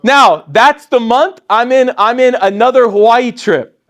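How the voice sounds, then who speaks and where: A man in his forties giving an energetic motivational sales training talk, jumping up in pitch when excited and dropping low to quote others. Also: measured pace.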